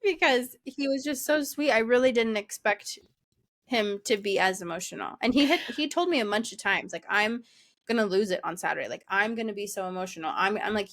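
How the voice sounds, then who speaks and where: A woman's voice: a little fast, a bit bright. Brief: young female podcast co-host, casual chatty storyteller, laughs a lot. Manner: chatty, laughs often, acts out quotes in a high voice. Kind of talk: casual chat.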